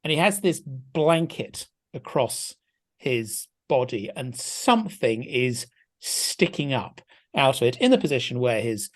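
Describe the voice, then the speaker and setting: A man's voice: medium pitch, lively intonation, measured pace. A man guest discussing a film in a casual podcast chat, thoughtful and hesitant with frequent restarts.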